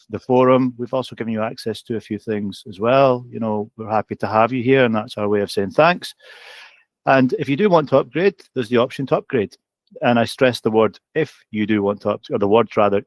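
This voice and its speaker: A man's voice: mid-range voice, no echo. Upbeat man hosting, dry sound. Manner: upbeat, often addresses co-host by name. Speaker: co-host of a coaching community update. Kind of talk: casual promotional chat.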